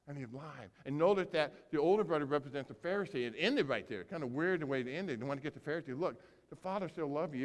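A man preaching a sermon as pastor, telling a story with animated acting-out of characters and big swings between loud and soft. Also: medium pitch. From grew up on a small farm. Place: church sanctuary. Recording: long hall reverb.

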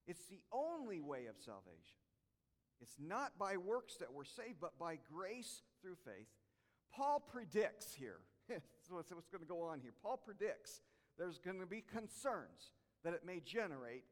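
A male pastor preaching a sermon, animated and drawing the congregation into call-and-response. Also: a little high. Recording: long hall reverb.

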